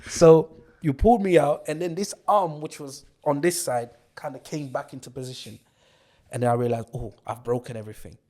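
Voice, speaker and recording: A man hosting a podcast, telling a story with lively retelling of what others said and frequent laughter. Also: medium pitch, a little fast. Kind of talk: casual storytelling chat.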